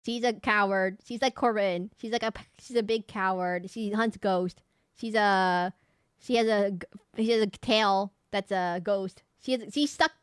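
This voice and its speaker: A woman streamer talks loosely through her rankings, restarting words and circling back. Her voice is smooth and crisp at a middle pitch. The sound is dry and close. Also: no echo. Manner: rambling, self-correcting, laughing. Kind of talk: casual live-stream commentary.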